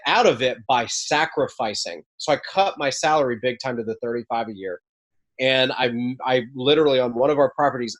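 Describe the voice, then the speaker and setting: A young man talks through his experience in a relaxed podcast interview. He speaks candidly, and he often doubles back and restarts a phrase mid-thought. His pitch sits in an ordinary middle range. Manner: candid, storytelling, frequent restarts. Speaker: podcast guest, mobile home park investor. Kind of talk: casual interview chat.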